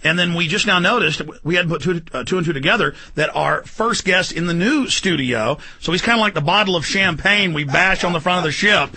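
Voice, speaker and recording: Gravelly, forceful radio host man. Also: high voice, expressive, a little fast. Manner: forceful, rambling, with many fillers. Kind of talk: talk radio interview. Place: radio studio.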